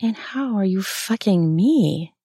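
A defiant young novice nun with a lifted, brighter pitch, as a woman puts her on while reading. She fires back sharp, mocking retorts at a slow pace, recorded close and dry. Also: animated, breathy edge, no echo, full character voice.

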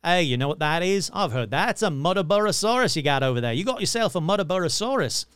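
A hearty Australian bloke with a broad, overdone drawl, as a podcast host puts him on. The voice sits high and bounces around a lot. It sounds crisp and dry, close to the mic. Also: male voice, big pitch swings, quick pace, a bit bright, no echo. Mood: jokey. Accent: put-on Australian.

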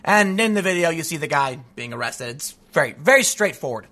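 A man's voice: a little high, lively intonation, brisk, pushed and bright. A man giving an emphatic news commentary, reading out reports and then ranting in casual, repetitive phrases. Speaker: political commentator.

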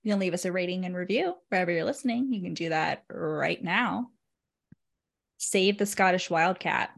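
A woman's voice: on the low side, animated, fairly quick, vocal fry. A young adult woman co-hosting a book podcast in a casual, chatty way, laughing often as she tells stories. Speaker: podcast co-host. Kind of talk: casual chat.

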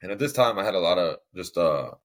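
A man's voice: low-pitched, animated, fast talker. A young man speaking as a podcast guest, telling his story in a casual, rambling way with many fillers and restarts. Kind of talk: candid personal storytelling.

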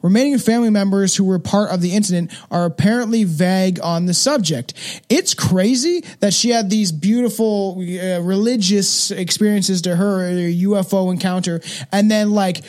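A man's voice: high voice, normal speed, darkish tone. A man hosting a podcast, rambling casually with lots of fillers and swearing. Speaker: podcast host. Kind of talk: casual chat.

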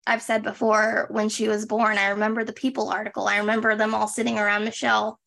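A woman's voice: mid-range voice, monotone, quick pace, gravelly, fairly bright tone. Chatty young woman podcast host. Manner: chatty, trails off and restarts, lots of "like". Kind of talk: casual chat.

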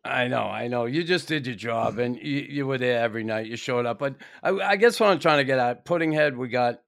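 A man hosts a casual podcast, leaning in with emphatic questions and the odd curse. His voice has a gravelly fry to it. The recording is close and dry. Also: medium pitch, a little fast, fairly bright tone, no room sound. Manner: emphatic, swearing, pointed questions. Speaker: podcast host. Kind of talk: casual chat.

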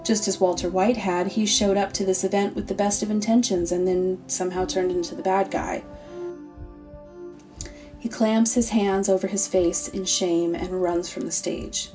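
A woman narrating a comedic story in a deadpan, sardonic way. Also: mid-range voice, normal speed. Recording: distant mic, faint music.

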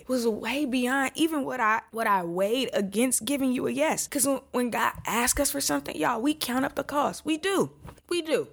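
A woman hosting a faith podcast, talking casually and with deep feeling, speaking straight to her listeners and often near tears. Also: moderate pace, creaky. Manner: casual and heartfelt, talks straight to listeners as "y'all". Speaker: podcast host. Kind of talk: faith encouragement podcast talk.

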